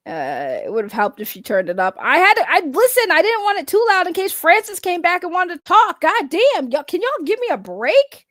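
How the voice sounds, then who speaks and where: A woman with a Boston accent hosting a casual livestream, loud and laughing, swearing as she talks to her chat. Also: very high voice, big pitch swings, normal speed, hardly any pauses, dry recording, clean studio sound. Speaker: livestream host.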